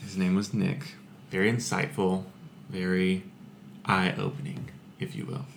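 A man who is a podcast guest, telling his story in a relaxed way with dry humor. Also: low-pitched, measured pace, creaky, a little hiss or hum. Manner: relaxed, dry humor, says "if you will". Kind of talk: casual storytelling.

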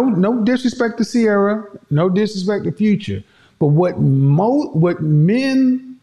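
Man, high voice, emphatic preachy commentary, repeats points. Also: dark tone. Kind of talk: opinionated commentary monologue.

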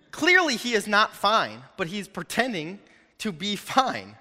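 A young male preacher talks to his congregation in a loose, animated way and throws in jokes. His voice is bright and forceful. A long reverb trails off each line, as in a large hall. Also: sits high, unhurried. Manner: animated, conversational, jokes with the audience. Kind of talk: sermon. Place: hall with an audience.

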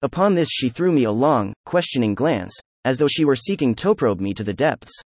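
Steady male audiobook narrator, dry sound. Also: medium pitch, moderate pace, slightly rough, dry recording. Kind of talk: scripted narration.

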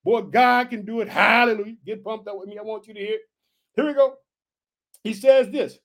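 A man preaching an energetic sermon, reading scripture aloud and calling out to his listeners as family. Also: high-pitched, moderate pace. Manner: animated, exclaims hallelujah, addresses listeners as family.

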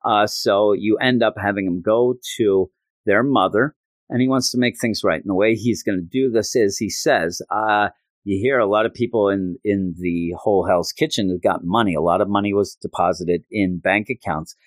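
Male podcast host, earnest rambling comic recap, low pitch, dry close sound. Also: moderate pace, dry recording. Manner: earnest, rambling, many fillers.

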